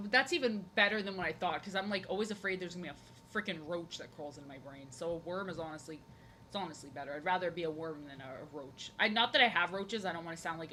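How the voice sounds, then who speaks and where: A woman's voice: on the low side, quick pace, sharp tone, slight background noise, rough recording. A young woman chatting casually and playfully while drawing on a live stream, rambling and repeating her phrases.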